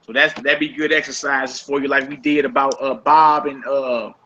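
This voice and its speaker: A man's voice: mid-range voice, little pitch movement, moderate pace, pushed and bright. Man, patient teacher, repeats instructions, muffled lo-fi recording, faint hiss. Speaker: Hebrew teacher. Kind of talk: classroom instruction. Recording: dull lo-fi recording.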